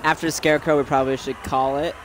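A man giving excitable casual game commentary, coaching a co-player. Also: a little high, fast talker, background noise. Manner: excitable, coaching, calls to his dog. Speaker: game streamer.

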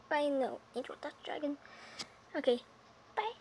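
A woman's voice: high voice, expressive, slow pace, heavy background noise. A woman in a casual vlog, rambling and hesitant as she demonstrates animal noises. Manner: rambling and hesitant, with restarts and apologies.

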